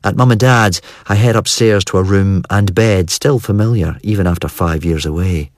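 This is a male audiobook narrator with a deep voice, reading first-person narration at a normal speed. The recording is dry and studio quality.

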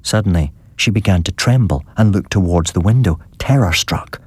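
A man narrating a first-person horror story in a measured, suspenseful telling. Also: low-pitched, darkish tone, husky, no echo. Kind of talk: storybook reading.

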